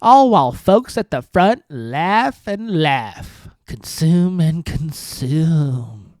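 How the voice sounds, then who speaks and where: This is a man putting on an indignant woman's voice, reading a scornful statement at a crawl. The drawn-out, mocking delivery rises and falls widely in pitch. The sound is close and dry. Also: animated, darkish tone, no echo.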